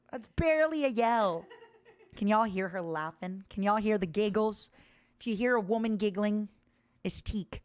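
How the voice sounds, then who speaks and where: A woman streaming from an indoor room, chatting casually with her viewers in a bouncy way, her pitch jumping up as she reads their messages. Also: measured pace, long pauses. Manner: chatty, bouncy, jumps in pitch when reading chat. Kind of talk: casual livestream chat.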